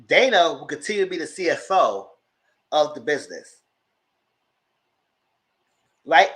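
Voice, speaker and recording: Man, casual TV recap chat, bright voice, very lively pitch. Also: a little slow. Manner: animated storytelling, acting out quotes with big pitch jumps. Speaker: TV recap commentator.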